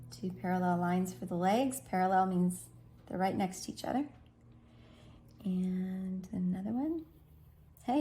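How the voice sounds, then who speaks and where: A woman in her thirties giving a chatty, encouraging step-by-step drawing lesson for kids, thinking aloud as she draws. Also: mid-range voice. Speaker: art teacher.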